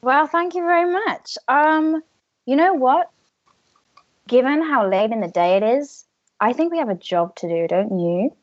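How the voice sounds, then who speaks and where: Woman putting on a sly glam sorceress lady from a tabletop game, smooth n teasing, slow drawl, dull dry lo-fi sound. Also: sits high, dry recording. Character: sly glamorous woman with magic cane.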